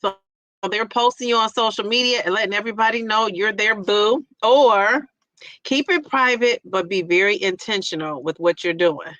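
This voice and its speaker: A woman hosting a casual live chat stream, reading out viewer comments in a playful, excitable and teasing way. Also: medium pitch, normal speed, dry recording, rough recording.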